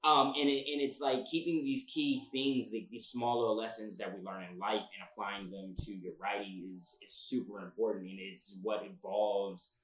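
A man's voice: lowish voice, fairly even intonation, moderate pace, hardly any pauses, fairly bright tone. A man co-hosting a podcast in casual chat, rambling with emphatic restarts. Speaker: podcast co-host. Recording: roomy echo.

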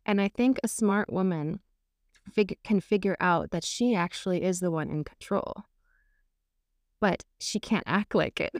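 A woman's voice: mid-range voice, measured pace, no echo, clean studio sound. A woman relationship coach talking frankly and candidly on a podcast, laughing often as she speaks.

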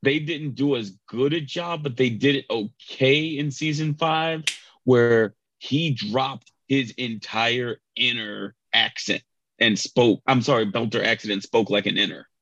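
A man's voice: mid-range voice, unhurried, a bit bright, muffled recording. A man in a casual podcast chat, explaining background from the books in a talkative way. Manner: chatty, explains book background. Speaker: podcast co-host.

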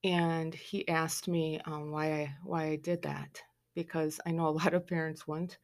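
A woman telling a family story as a mother, in a casual, animated way, acting out quoted lines with sarcastic asides. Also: deep voice, measured pace.

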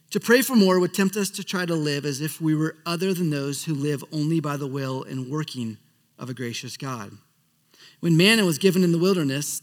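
A man preaching a sermon as a pastor, earnest, often dropping to a soft hush at the ends of phrases. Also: a little high, big-room sound.

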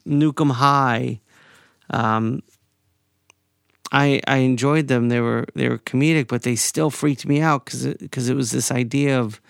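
A man in his forties telling a personal story in a casual, animated way, sometimes profane and heated. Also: mid-range voice, creaky, clear, resonant tone, dry recording, clean studio sound. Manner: animated, profane, rising to anger.

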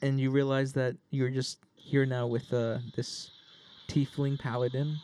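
A man's voice: mid-range voice, flat delivery, measured pace, darkish tone. A man narrating as game master in a casual tabletop session, laughing and lightly putting on voices.

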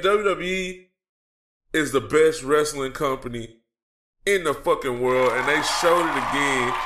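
A man's voice: a little high, noisy background. A man delivering a cocky, mocking wrestling rant full of swearing. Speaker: podcast segment ranter.

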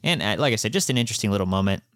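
Low-voiced man, rambling podcast recap. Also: animated, very fast, a bit bright, dry recording, studio quality. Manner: rambling, heavy on "like" and "uh", swears casually. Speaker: podcast co-host. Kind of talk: casual podcast chat recapping a manga.

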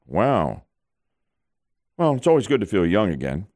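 A man's voice: fairly low pitch, very animated, measured pace, a little mellow. A middle-aged man hosting a radio morning show, wry and self-mocking in his banter. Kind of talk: talk radio banter and news reading. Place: radio studio. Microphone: studio microphone.

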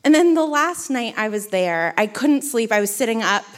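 A woman with a slightly high voice tells a self-mocking story to a live audience, animated and chatty. She fills her telling with "like" and "you know" as she builds the joke. Her stage mic catches her close and clear. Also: normal speed. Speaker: podcast co-host.

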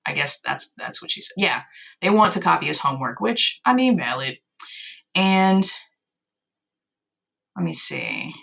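A young woman talks through a story recap in a loose, chatty way, cutting in with sarcastic, profane remarks. Her voice sits fairly low and has a gravelly fry. Its tone is bright and sharp. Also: sing-song, a little slow, pauses often, low-quality recording. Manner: sarcastic, swears freely, exasperated asides. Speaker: video host recapping a story. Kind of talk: casual commentary.

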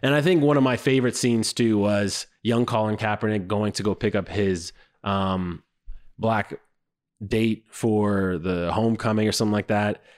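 A man giving casual comedic commentary on a show he watched, animated and profane, mocking it and jumping into high squeaky voices when he quotes people. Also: normal speed. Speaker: show reviewer.

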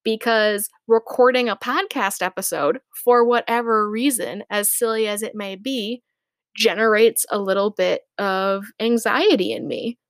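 Woman doing a solo podcast, open and reflective, chatty with lots of you-knows, mid pitch, dry close sound. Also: clear, resonant tone, no echo. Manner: candid, reflective, chatty with fillers. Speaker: podcast host. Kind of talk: casual solo podcast talk.

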